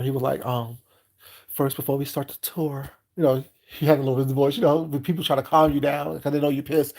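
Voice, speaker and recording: A man vlogging a casual rant, expressive and frank, often checking in with "you know what I'm saying.". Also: on the high side, vocal fry. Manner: animated and expressive, acting out both sides of scenes. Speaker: food and lifestyle vlogger.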